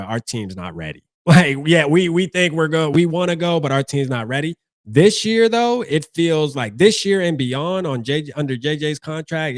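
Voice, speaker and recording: A man hosting a casual sports talk livestream, hyped and slangy, with loud bursts of enthusiasm. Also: medium pitch, no room sound. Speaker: livestream host.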